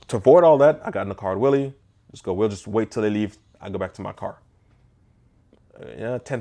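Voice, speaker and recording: A man, a photographer, telling a story in a casual storytime vlog, animated and conversational with bits of mock disbelief. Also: lowish voice.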